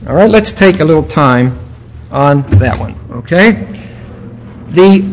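A man preaching a teaching sermon in a church, his voice pitched somewhat high for a man. He talks slowly and deliberately, breaking the text down point by point with weighty pauses. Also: expressive, a little hiss or hum, poor audio. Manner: teacherly, explaining grammar point by point with emphatic pauses. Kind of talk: expository sermon.

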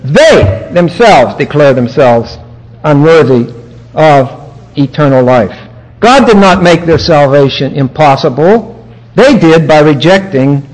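A male preacher giving an expository sermon, teaching word by word with emphatic pauses. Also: sits high, low-quality recording. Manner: teacherly, explaining grammar point by point with emphatic pauses.

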